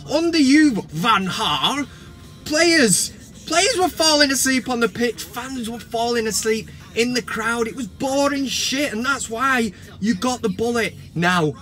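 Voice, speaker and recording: A man hosting a comedic football vlog, ranting in a mocking, sweary, excitable way. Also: very high voice. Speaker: vlog host. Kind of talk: casual comedic football rant.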